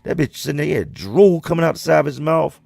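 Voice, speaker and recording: A man's voice: a little high, expressive, quick pace, creaky, a little mellow, dry recording, faint music behind. A man hosting a livestream, telling a story to his viewers in a blunt, profane, conversational way. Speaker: livestream host reading comments.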